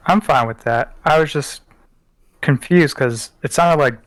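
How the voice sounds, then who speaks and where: A man's voice: a little high, unhurried, dry recording. A man playing a tabletop game, talking casually and piecing his thoughts together hesitantly. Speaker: player.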